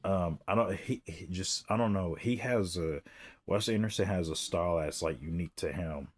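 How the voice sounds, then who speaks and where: A man giving a casual, rambling film review, hesitant and full of fillers and restarts. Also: deep voice. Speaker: movie reviewer.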